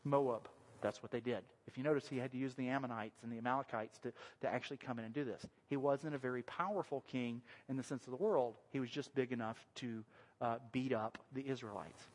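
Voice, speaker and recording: A male pastor preaching a sermon in a church, talking in a conversational, animated way and joking with the congregation. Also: mid-range voice, brisk. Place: church sanctuary. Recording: long reverb of a large hall.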